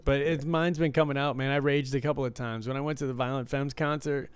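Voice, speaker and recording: A man's voice: medium pitch, fairly even intonation, fast, clear, resonant tone, no room sound. A man co-hosting a podcast, telling rambling stories in casual chat and swearing freely. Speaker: podcast co-host.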